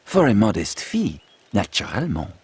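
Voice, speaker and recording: An actor playing a proud, flattering gunsmith with a French accent, in a video game. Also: male voice, fairly low pitch, moderate pace, slightly rough, full character voice. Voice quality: fawning, theatrical salesman manner.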